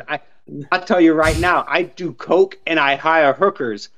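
Male co-host, higher voice, crude jokes, muffled lo-fi sound. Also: unhurried, a bit bright. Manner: crude joking asides. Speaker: podcast co-host. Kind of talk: casual sports chat.

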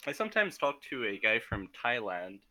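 Bright-voiced young man with a Dutch accent. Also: mid-range voice, very animated, moderate pace, no room sound. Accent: Dutch-tinged English, fairly American. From Netherlands. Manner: hesitant, laughs between phrases. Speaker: podcast co-host. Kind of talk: casual chat.

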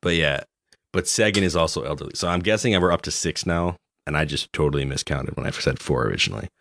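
Very deep-voiced man chatting casually. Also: fast talker, creaky, fairly bright tone, no room sound, studio quality. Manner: rambling, chuckling, filler-heavy. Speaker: podcast co-host. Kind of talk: casual game discussion.

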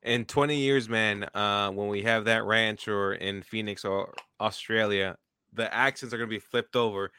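A man's voice: on the low side, steady tone, normal speed, sharp tone, clean tone. A man in his twenties hosting a casual interview, loose and full of likes and you knows. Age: 20s. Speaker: podcast host, stadium announcer.

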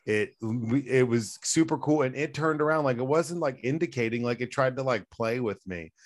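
A man's voice: medium pitch, moderate pace, no room sound. A man co-hosting a casual podcast chat, joking around in a loose way with lots of filler words.

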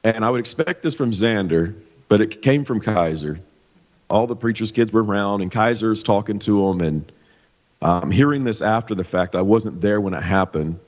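A middle-aged pastor from Kansas telling a personal story in a loose, animated way, full of fillers. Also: male voice, on the low side, moderate pace. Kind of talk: casual storytelling testimony. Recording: dull sound with long hall reverb.

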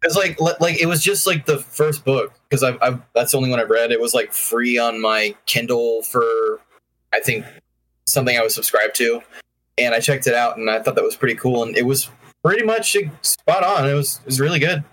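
A man's voice: medium pitch, a little fast, a bit bright. Rambling, jokey man in casual chat. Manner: rambling, jokey, hesitant restarts.

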